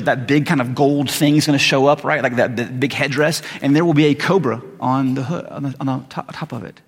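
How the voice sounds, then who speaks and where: A man's voice: a little high, slightly rough. A man preaching in a casual, conversational way, often saying "like" and "right?", heard with long hall reverb in a church sanctuary. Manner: conversational, frequent "like" and "right?", restarts. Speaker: pastor. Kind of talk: sermon.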